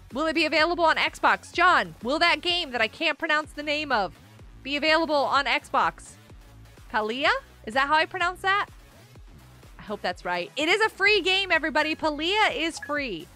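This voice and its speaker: High, lively, bright-voiced woman streamer. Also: normal speed, faint music behind. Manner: chatty, reads chat aloud, excitable outbursts. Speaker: live-streaming gamer. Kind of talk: casual live-stream chat while playing.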